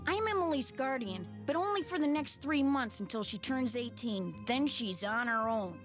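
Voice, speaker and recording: A woman's voice: fairly high pitch, expressive, normal speed, faint music behind, close to an everyday voice. An actress playing a talkative, folksy female innkeeper in a video game, with a nasal voice and an odd old-fashioned accent. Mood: folksy chatty. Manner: folksy, talkative, period slang.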